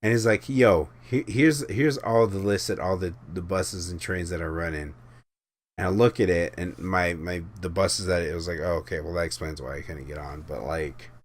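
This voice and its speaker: A man's voice: deep voice, moderate pace. A young man chatting on a podcast, telling a rambling, profanity-laced anecdote in a casual way. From Houston area, USA. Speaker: podcast panelist. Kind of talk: casual storytelling chat.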